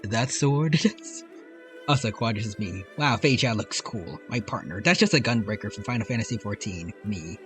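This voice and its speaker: A man's voice: on the low side, animated, normal speed. A man streaming a video game live, chatting in a casual, rambling and joking way. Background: game music.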